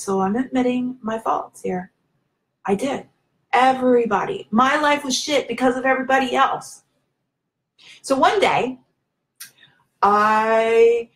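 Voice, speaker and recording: A woman's voice: mid-range voice, low-quality recording. A woman giving a candid, confessional talk to her viewers on a live video, speaking informally and addressing them directly as a spiritual self-help speaker. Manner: informal, many fillers and restarts.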